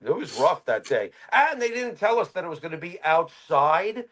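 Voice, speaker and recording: A man co-hosting a podcast in casual chat, telling lively stories and acting out the people in them. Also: on the high side, moderate pace. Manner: animated storyteller, acts out quoted voices. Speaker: podcast co-host.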